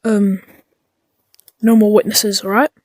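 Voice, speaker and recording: A woman giving chaotic, dark-humored let's-play commentary, muttering and often dropping into whispers. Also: mid-range voice, little pitch movement, slow, dry recording, studio quality. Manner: drops into whispers. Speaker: gaming YouTuber.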